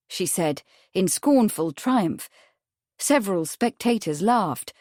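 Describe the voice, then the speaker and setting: A woman narrating an audiobook in a measured, even reading. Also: on the low side, no echo, studio quality. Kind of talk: scripted narration.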